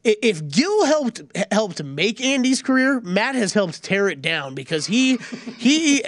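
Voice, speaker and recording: A man co-hosting a sports betting show, bantering in an excitable, animated way. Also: high voice, a little slow. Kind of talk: casual sports talk.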